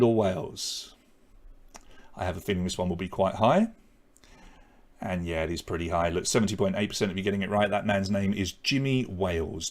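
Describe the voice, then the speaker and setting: A man's voice: lowish voice, creaky, darkish tone. A man hosting a live online pub quiz, reading out questions and scores in a chatty, self-deprecating way.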